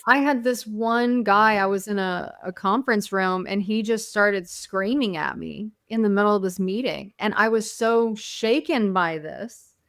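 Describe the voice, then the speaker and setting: A woman's voice: mid-range voice, unhurried, fairly bright tone, clean tone, dry recording, studio quality. A woman guest on a podcast, telling personal stories in a reflective, earnest way. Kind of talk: casual conversation.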